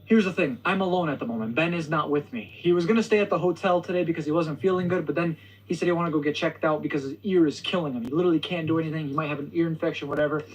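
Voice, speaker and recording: A young man retells a story for his vlog in a slightly high voice, talking very fast with hardly any pauses, yet hesitant, stuttering and restarting. His video plays from across the room, leaving him far from the mic in poor audio.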